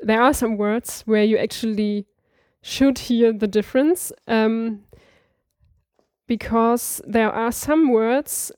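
In a dry, studio-quality recording, a language learner talks through language points during a relaxed practice conversation. Her voice sits on the high side with a darkish tone, and she goes slowly, hesitating with many fillers and restarts; Swedish is not her native tongue.

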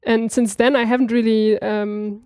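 A woman's voice: fairly high pitch, flat delivery, a little slow, mellow, no echo, studio quality. A woman in a casual practice chat, explaining language points with lots of fillers and restarts. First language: not Swedish. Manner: hesitant, many fillers and restarts. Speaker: language learner.

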